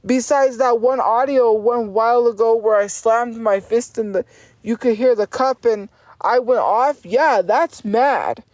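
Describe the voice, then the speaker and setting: A woman's voice: on the high side, a little slow, a little mellow, no room sound. A woman livestreamer ranting at her chat in a profane, insistent and defiant way, repeating her points over and over.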